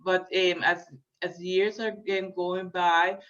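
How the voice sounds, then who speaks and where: A woman giving a lecture, hesitant and filling pauses, often checking in with her listeners. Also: on the low side, level tone, fairly bright tone. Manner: hesitant, many fillers, checks in with "okay?". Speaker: linguistics lecturer. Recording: dull lo-fi recording.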